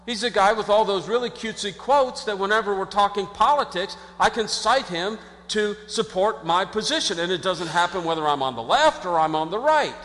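A man preaching a sermon as pastor, in an animated conversational way, acting out quotes and often restarting his sentences. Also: high voice, fairly quick, few pauses. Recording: long hall reverb.

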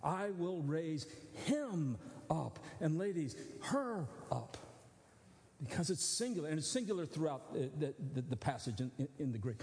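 Male pastor, high voice, conversational teaching sermon, long hall reverb. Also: very animated, a little fast, darkish tone. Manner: conversational teaching, asks listeners to follow along.

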